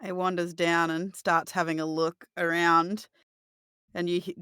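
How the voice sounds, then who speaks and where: A woman narrating a tabletop game as game master, playful and quick to laugh. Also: fairly low pitch, level tone, fairly bright tone, smooth, no echo, studio quality.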